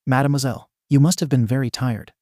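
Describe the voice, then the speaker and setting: A man's voice: medium pitch, fairly even intonation, fast, mellow, no room sound, clean studio sound, natural voice. A man voicing a flamboyant teenage boy with a thick accent who talks in a grand, courtly way in a storybook reading.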